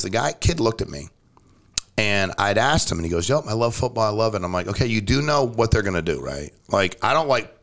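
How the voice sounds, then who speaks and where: A man in casual conversation as a podcast guest, blunt and direct, telling stories and pushing his point hard. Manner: blunt, animated, jumps pitch for emphasis. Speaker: company CEO, podcast guest. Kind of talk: casual storytelling chat.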